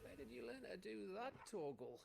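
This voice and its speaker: A man's voice: sits high, sing-song, moderate pace, vocal fry, loud music behind the voice, heavily acted. An actor playing a coarse, cheerful male soldier companion in a video game, talking bluntly. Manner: blunt and profane. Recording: game audio with ambient noise.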